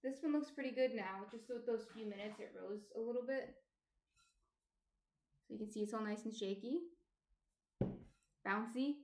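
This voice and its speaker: During her live sourdough stream, this New Jersey baker casually explains every shaping step and says hello to viewers by name. Her fairly high voice is a little mellow, at a normal speed with long pauses, in a roomy recording with a bit of hiss or hum.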